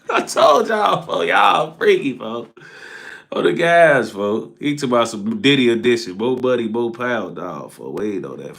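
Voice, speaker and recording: A young man on a casual live stream, reading viewer comments aloud and ending phrases with a low trailing "folks.". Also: vocal fry, fairly bright tone.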